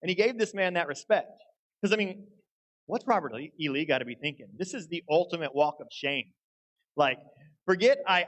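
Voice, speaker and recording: Young guy preaching, folksy and earnest, voice on the high side. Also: animated, normal speed, fairly bright tone, low-quality recording. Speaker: guest preacher. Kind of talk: sermon.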